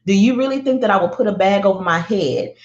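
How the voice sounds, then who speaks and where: A woman's voice: medium pitch, quick pace, a little mellow, natural voice. A woman quoting her stubborn eight-year-old son as he talks back defiantly. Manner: defiant backtalk. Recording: echoey, dull lo-fi sound.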